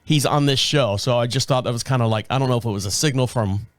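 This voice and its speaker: A middle-aged man hosts a show, telling rambling stories in casual chat, laughing often and acting out quotes. His mid-range voice moves fast, recorded at studio quality with no room sound.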